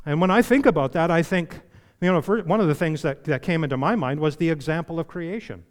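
Man, pastor, sermon, emphatic, asks the congregation questions, fairly high voice, long church-hall reverb. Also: brisk.

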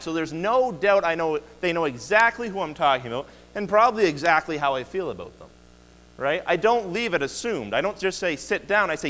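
A male pastor delivers an earnest sermon with a lively, rising and falling voice that sits a touch high for a man. He leans hard on key words and often restarts his phrases. The sound carries a long church-hall reverb. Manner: earnest, emphatic preaching with repeated restarts. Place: church sanctuary.

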